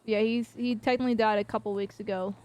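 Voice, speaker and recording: A woman game streamer in casual chat with her viewers, loose and chatty, swearing and pausing with fillers. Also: mid-range voice, steady tone, a little mellow.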